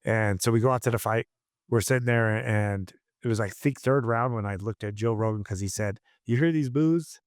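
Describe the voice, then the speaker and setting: Blunt, low-voiced man telling fight stories. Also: fairly even intonation, fairly quick, dry recording, clean studio sound. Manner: blunt, profane, frequent restarts. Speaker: combat sports coach, guest. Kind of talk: casual storytelling interview.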